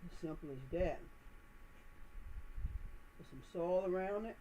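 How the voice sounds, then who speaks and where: A woman with a lowish, dark-toned voice speaks unhurriedly as she hosts a gardening channel, casually demonstrating how to pot plants indoors. Her manner is chatty, folksy and encouraging, and the lo-fi recording carries slight background noise.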